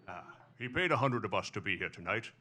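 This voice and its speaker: A man's voice: on the low side, expressive, fairly quick, sharp tone. A man on stage impersonating a smug older Scottish film star who lisps and drawls. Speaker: comedic narrator. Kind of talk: live stage impression. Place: small comedy venue.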